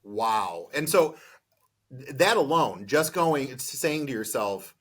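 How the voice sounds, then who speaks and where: A man's voice: medium pitch, big pitch swings, slow pace, a bit bright, slightly rough. A man hosting an interview podcast, asking questions in an enthusiastic, affirming way. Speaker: podcast host.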